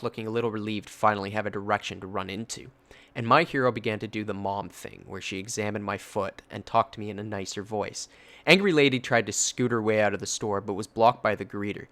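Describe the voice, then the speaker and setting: A man's voice: lowish voice, a bit bright. A man casually narrating a story, swearing freely and breaking off for personal asides. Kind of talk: reading a story.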